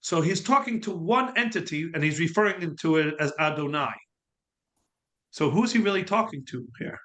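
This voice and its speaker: A middle-aged rabbi leads a Torah class, breaking up his points with filler words and repeated starts. His voice is bright and forward, pitched a little high for a man. He weaves stories into the teaching. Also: animated. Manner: halting, many fillers and restarts. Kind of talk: Torah class lecture with storytelling.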